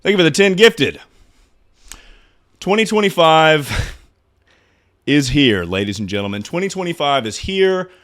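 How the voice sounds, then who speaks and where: This twenty-something streamer is out of breath during his casual livestream, speaking a little slowly and pausing often. Loud and excitable, he curses freely, and his pitch varies widely line to line.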